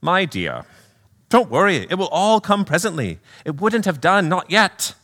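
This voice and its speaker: A man voicing a gentle male spirit guide in a put-on British accent, patient and explaining. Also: high-pitched, sing-song, a little slow, in a large hall, voice pushed up, heavily acted.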